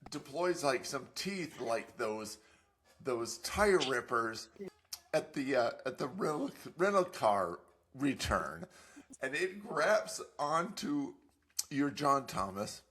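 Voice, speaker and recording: A man's voice: mid-range voice, big pitch swings, slow, a bit bright. An older man co-hosting a podcast, telling a story in a rambling, hesitant way with lots of fillers. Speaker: podcast co-host. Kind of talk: casual comedic chat.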